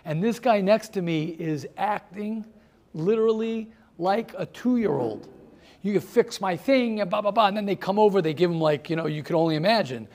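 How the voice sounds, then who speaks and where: Speaking fairly quickly in a high voice, this man is a rabbi leading a seminar for a small group. His talk is motivational and full of stories, and he names his listeners and repeats words to drive points home.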